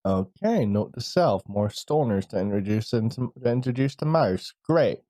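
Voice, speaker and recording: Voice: mid-range voice, expressive, normal speed, warm tone, no room sound, clean studio sound. A tabletop game player chatting casually, swearing freely and sounding exasperated.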